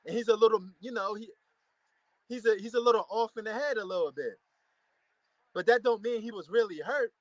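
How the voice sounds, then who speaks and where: A man giving a casual, excitable reaction commentary to a boxing match, repeating himself and using slang. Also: high-pitched, a little fast, long pauses, no echo, highs cut off. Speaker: fight reaction host.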